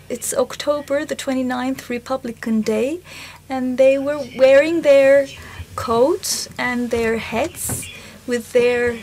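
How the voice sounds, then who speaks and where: A woman speaking at a symposium in a concert hall, slowly and haltingly recalling a spiritual encounter in the first person. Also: high voice, a little mellow, a little hiss or hum. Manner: slow, halting storytelling with pauses.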